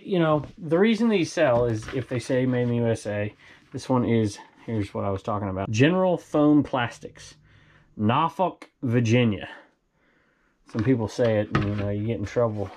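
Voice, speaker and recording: A slightly mellow, medium-pitched man from Southern California rambles chattily to viewers about items he resells in his vlog. A little hiss or hum sits under the recording.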